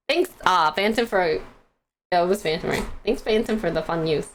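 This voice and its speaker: A woman's voice: fairly low pitch, a little slow, pauses often, slight background noise. A young woman hosting a live stream, chatting casually and giggling as she reads stock news and answers the chat.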